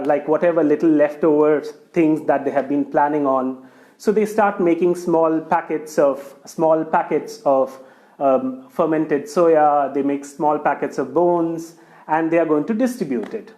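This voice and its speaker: A man telling a folk tale aloud, speaking straight to his listeners. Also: a little high. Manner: lively, addresses the listener directly. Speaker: storyteller. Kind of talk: oral folk storytelling.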